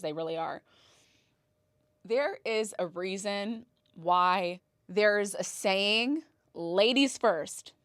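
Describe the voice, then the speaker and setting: A woman's voice: mid-range voice, no room sound, studio quality. A young woman hosting a podcast, telling stories in a casual, dramatic way, swearing and gasping for effect. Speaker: podcast host. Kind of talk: casual storytelling monologue.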